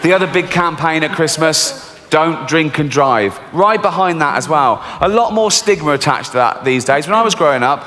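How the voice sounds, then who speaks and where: A middle-aged man with an English accent doing a stand-up comedy set, swearing freely and telling dark jokes in a deadpan way. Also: fairly high pitch, brisk, hardly any pauses, some chatter behind. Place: large theatre stage. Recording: reverberant live theatre recording, faint hiss.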